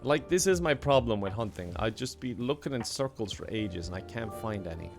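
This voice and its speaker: A man's voice: fairly low pitch, animated, a little fast, over music. A young man streaming a game, chatting casually, laughing often and reading out donations. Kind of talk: casual live-stream chat while gaming.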